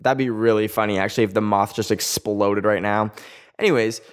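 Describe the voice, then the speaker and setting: Rambling young Canadian podcast host. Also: male voice, fairly low pitch, fairly even intonation, fairly quick, clean tone. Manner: rambling, chatty, self-mocking, easily sidetracked. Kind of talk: casual solo podcast chat.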